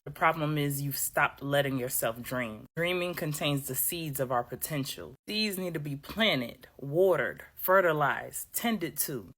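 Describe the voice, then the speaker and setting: Woman, low-pitched but bright and sharp, sassy and blunt, motivational talk to camera. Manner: blunt, sassy, acts out dialogue in high voices. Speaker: commentator.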